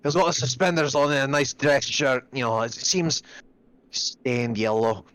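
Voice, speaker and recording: A man playing a tabletop game, describing his character in a rambling way and pausing to search for words. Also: medium pitch, a bit bright, low-quality recording. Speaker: player.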